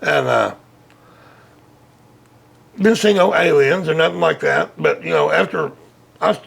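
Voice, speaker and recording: Man, high and gravelly, animated storyteller guest. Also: measured pace. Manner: animated, acts out quotes loudly. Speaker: interview guest, witness. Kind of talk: casual storytelling.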